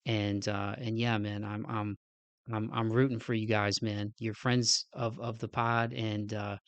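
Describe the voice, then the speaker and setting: A man with a somewhat low, flat voice and a nasal, stuffed-up sound, a little out of breath. He rambles earnestly through a casual podcast sign-off. The sound is dry and close. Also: a little slow, smooth, no room sound, dull audio. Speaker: podcast host.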